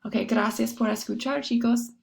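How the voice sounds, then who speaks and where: Gravelly-voiced woman teaching a Spanish lesson. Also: on the high side, fairly even intonation, fairly quick, a little mellow. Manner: patient, explaining step by step with examples. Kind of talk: recorded online lesson.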